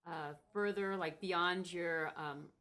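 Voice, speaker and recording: A woman's voice: on the low side, fairly even intonation, takes it slowly, a bit bright. A woman guest on a podcast, casually and plainly explaining hypnotherapy practice.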